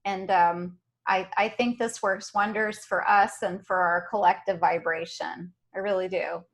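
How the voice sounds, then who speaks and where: A woman hosting a meditation group on a video call, gentle and soft-spoken, laughing often. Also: mid-range voice, steady tone, unhurried.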